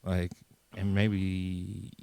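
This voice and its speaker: A man's voice: deep voice, completely flat delivery, drawn-out words, vocal fry, darkish tone, no echo. Guy hosting a football podcast, rambly, repeats himself, dry close sound. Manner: loose, rambling talk with repeated phrases. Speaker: podcast host. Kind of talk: casual sports chat.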